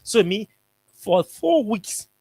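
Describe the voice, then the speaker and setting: A man's voice: sits high, sing-song, slow pace, a little mellow, slightly rough. A man with a Liberian English accent, hosting a radio talk show and telling a story in a casual, emphatic way that repeats its points. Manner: repetitive, emphatic, colloquial. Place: radio studio.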